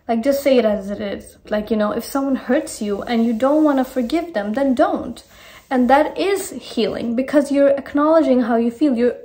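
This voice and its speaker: A woman's voice: fairly high pitch, darkish tone. A young woman hosting a talk video, giving frank, emphatic advice with plenty of swearing. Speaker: host. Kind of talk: blunt direct-to-camera advice.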